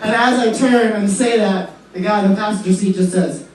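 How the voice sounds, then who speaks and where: A man's voice: high-pitched, brisk, very echoey, distant mic, low-quality recording. A man telling a stand-up story, acting out the voices of the people in it. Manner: animated, acts out quotes. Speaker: stand-up comic.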